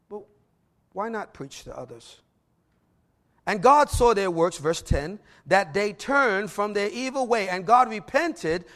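A middle-aged man preaching a sermon, who reads scripture slowly and then tells personal stories with energy. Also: high-pitched, fairly bright tone.

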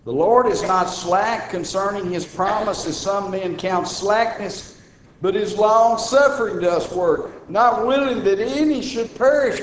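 A man preaching a sermon as church minister, folksy, with emphatic raised lines between low asides. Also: echoey room, a little hiss or hum, low-quality recording.

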